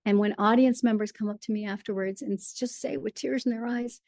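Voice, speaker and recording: Animated American woman telling stories, dry sound. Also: fairly high pitch, brisk, few pauses, no room sound. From United States. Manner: animated storyteller, laughs often. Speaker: guest, playwright and performer. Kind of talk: casual interview conversation.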